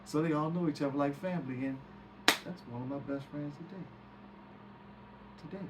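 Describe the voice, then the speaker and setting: A man's voice: a little high, moderate pace. A man recounting a story as a guest, acting out quoted speech and swearing freely. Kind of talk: animated storytelling. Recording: distant mic with background hiss.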